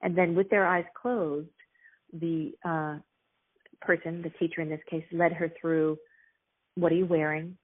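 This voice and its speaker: Low-voiced woman on a tinny line. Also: little pitch movement. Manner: earnest, reflective, many pauses and restarts. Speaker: author and actress guest. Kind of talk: casual interview storytelling.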